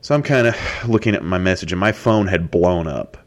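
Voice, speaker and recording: A man's voice: deep voice, a little fast. A man hosting his own podcast, talking in a loose, rambling way with many fillers and restarts. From United States. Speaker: podcast host. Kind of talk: solo podcast monologue.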